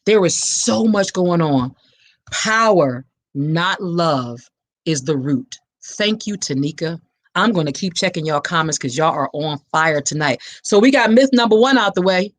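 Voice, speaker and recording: A woman speaks at a measured pace in an expressive, lowish voice, with no room sound on the recording. She's a podcast host and survivor advocate giving a live-streamed awareness talk, reading comments and passionately preaching straight to her audience.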